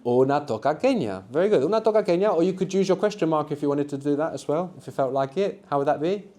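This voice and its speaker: A man's voice: a little high, animated, fast, dark tone. A man teaching a live beginners' language workshop, patiently explaining and prompting students to answer.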